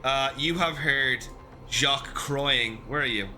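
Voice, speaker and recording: A man running a tabletop game as game master, narrating the action in a lively way. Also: mid-range voice, takes it slowly, faint music behind.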